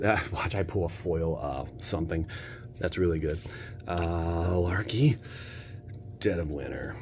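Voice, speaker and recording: An American man with a fairly low voice riffs playfully through a casual pack-opening session. He jokes and talks straight to his viewers. A faint hiss sits under the recording. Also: unhurried, long pauses. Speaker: channel host opening card packs.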